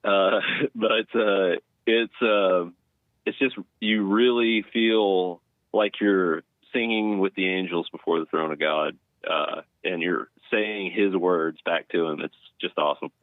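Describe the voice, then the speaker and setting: Male caller, very low voice, tinny phone line, dry sound, halting relaxed speech. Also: no echo. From North Texas. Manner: unhurried, hesitant with many uhs and ums. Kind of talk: casual call-in chat.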